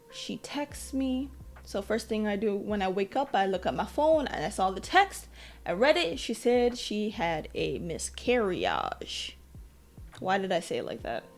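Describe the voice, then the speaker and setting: A young adult woman hosting a podcast, telling a personal story in a candid, self-deprecating way with lively quoted asides. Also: on the high side. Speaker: podcast host. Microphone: podcast mic.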